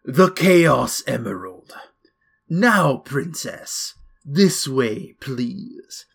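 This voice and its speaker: A man's voice: mid-range voice, very animated, very slow, vocal fry, slightly rough, heavily acted. A man voicing a scheming, grandiose mad scientist villain from a video game, with pompous, theatrical delivery.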